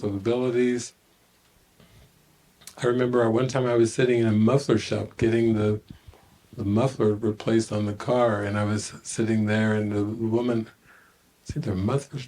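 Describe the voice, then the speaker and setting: An older man giving a spiritual retreat talk, telling stories with laughter and acting out the voices of the people in them. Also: mid-range voice. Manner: animated storytelling with laughter and acted-out quotes. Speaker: spiritual teacher.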